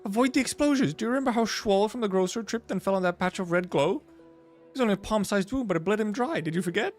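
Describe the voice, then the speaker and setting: A man's voice: high-pitched, quick pace, faint music behind, close to an everyday voice. A man voicing a frightened mother who is fleeing a burning city with her small child, talking in a pleading, panicky rush. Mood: alarmed.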